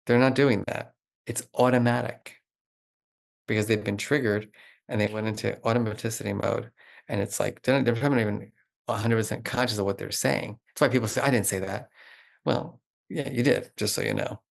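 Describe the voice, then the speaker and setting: Middle-aged guy w a gravelly lowish voice, chatty interview guest, lots of "like"s. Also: normal speed. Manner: animated, explanatory, filler-heavy with frequent "like". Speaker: guest expert. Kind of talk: conversational interview.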